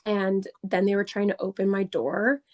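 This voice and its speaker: A young woman in her twenties telling a story on a casual podcast, animated, laughing often and swearing freely. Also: medium pitch, moderate pace. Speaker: podcast co-host.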